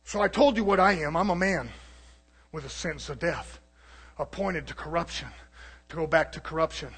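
A man preaching a sermon, swinging from low murmurs to shouted declarations and calling out to the congregation for responses. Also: normal speed, husky.

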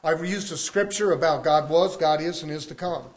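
High-voiced preaching man. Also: normal speed. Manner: preaching with rising emphasis and rhetorical questions. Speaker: pastor. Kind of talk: sermon.

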